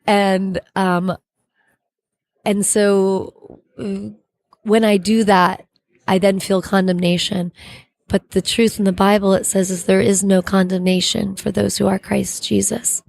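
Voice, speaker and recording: A middle-aged woman, an actress being interviewed, giving an earnest, halting faith testimony and searching for her words. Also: medium pitch, little pitch movement, vocal fry, a little mellow, dry recording.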